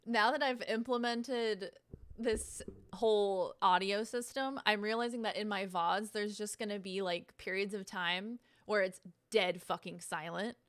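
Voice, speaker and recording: A woman's voice: mid-range voice, unhurried. A woman streaming on Twitch, chatting casually as she sets up, rambling, swearing freely and poking fun at herself.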